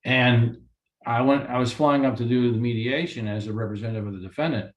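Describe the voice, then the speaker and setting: A man who works as a mediator gives a lecture-style talk for course credit, animated and ranting, with many rhetorical questions. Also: mid-range voice, fairly quick, dull audio. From Florida. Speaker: mediator and lawyer. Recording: roomy echo.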